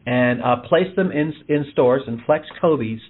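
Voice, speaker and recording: A man's voice: mid-range voice, moderate pace, breathy edge. A man who works for the company, patiently explaining plans and reassuring a partner over a tinny phone line. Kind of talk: phone conversation.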